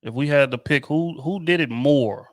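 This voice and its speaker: A man's voice: on the high side, normal speed, dry recording, clean studio sound. Casual man hosting a group chat. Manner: asks questions, hedges carefully with restarts. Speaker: podcast host.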